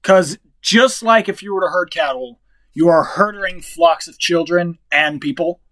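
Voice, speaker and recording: High-voiced man running a tabletop game. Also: unhurried, fairly bright tone, rough recording. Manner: casual, joking. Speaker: game master.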